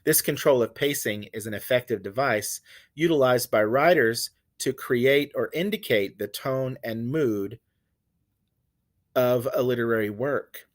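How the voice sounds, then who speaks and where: Man teaching a recorded poetry lesson. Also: medium pitch. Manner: conversational, with fillers and self-corrections; reads quoted verses slowly and stresses their vowel sounds.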